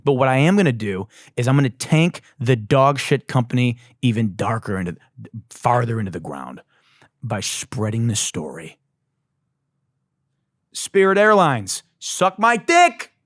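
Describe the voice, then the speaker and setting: A man hosting a podcast, telling a comic story as a profane, exasperated rant that bursts into shouting. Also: medium pitch, normal speed, no echo, studio quality. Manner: profane, exasperated, animated ranting with shouted outbursts. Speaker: podcast host.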